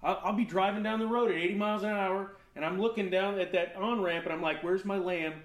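A man in his thirties preaching a sermon as pastor, telling stories with animated, acted-out outbursts. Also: high voice, fast talker. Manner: animated storytelling, acts out his own rants.

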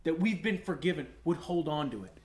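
Animated high-voiced male preacher. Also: brisk. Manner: animated storytelling, acts out his own rants. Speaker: pastor. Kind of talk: sermon.

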